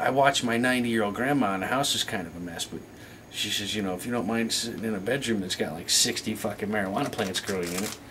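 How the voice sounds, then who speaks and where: A man's voice: fairly low pitch, fairly bright tone, slight background noise. A man in his thirties telling a crude, profane anecdote in casual chat, acting out the dialogue as he goes. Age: 30s. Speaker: storyteller.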